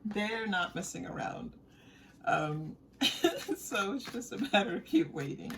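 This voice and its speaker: A woman's voice: medium pitch, very animated, unhurried, slight background noise. A woman giving a tarot reading to her viewers, chatty and giggly, repeating phrases as she thinks aloud. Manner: giggly and warm, often breaking into laughter. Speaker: tarot reader.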